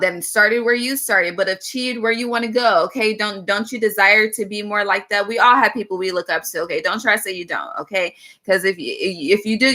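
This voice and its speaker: A woman's voice: medium pitch, bright, forceful tone. A woman giving a chatty, frank tarot reading, calling listeners "baby" and tagging nearly every line with "okay". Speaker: tarot reader. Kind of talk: casual tarot reading monologue.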